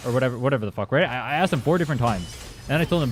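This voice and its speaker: Fast-talking young man streaming games. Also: mid-range voice, animated. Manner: rambling, profane, reads and answers chat. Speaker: game streamer. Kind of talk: casual livestream chat while gaming. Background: faint music from his playlist.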